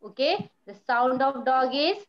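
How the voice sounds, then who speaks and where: A woman's voice: sits high, animated, a little slow, dull audio. Patient teacher woman. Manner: patient, repeats words, praises often. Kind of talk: online primary school lesson.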